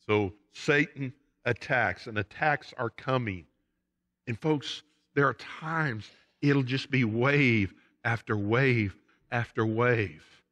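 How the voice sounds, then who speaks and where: Emphatic Southern pastor in a reverberant church. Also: male voice, mid-range voice, slow pace, fairly bright tone. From United States. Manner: emphatic preaching with rising and falling intensity. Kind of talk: sermon. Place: church sanctuary. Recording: long church hall reverb.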